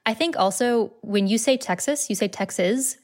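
A woman's voice: a little high, moderate pace. Woman linguist, casual chatty interview answers, filler words. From Massachusetts.

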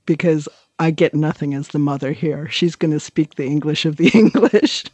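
A woman's voice: deep voice, normal speed, darkish tone, no room sound. Thoughtful American woman, dry close sound. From United States. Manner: thoughtful, explanatory, with frequent fillers. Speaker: linguist guest. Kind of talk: conversational interview.

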